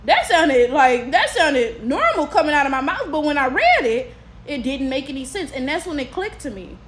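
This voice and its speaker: High-voiced American woman vlogging. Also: moderate pace, slight background noise. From United States. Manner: animated and candid, often tags lines with "right?". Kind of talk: casual commentary to camera.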